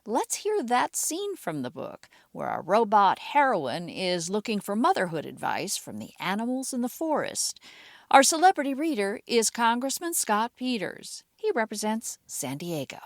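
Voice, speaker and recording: Lively woman hosting a kids' book show. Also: mid-range voice, moderate pace, dry recording, studio quality. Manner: bright, prompting questions. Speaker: podcast host.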